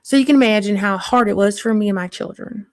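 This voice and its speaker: A woman's voice: medium pitch, quick pace, dry recording, natural voice. A woman playing a crass small-town mother of three in a put-on Southern country accent, telling a blunt, gossipy story in a live-streamed character monologue.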